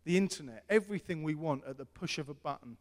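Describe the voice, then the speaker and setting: A middle-aged man preaching a sermon as pastor, earnest and repetitive, swinging between loud appeals and hushed tones. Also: on the high side, expressive, fast talker. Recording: long hall reverb.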